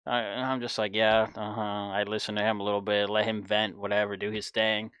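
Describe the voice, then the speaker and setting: A young man in his twenties tells a long personal story in a blunt, animated way, with plenty of swearing. His voice sits a bit low, and the recording is dry and close with no room sound. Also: brisk, clear, resonant tone, no room sound. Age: 20s. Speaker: podcast host. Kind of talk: casual storytelling chat.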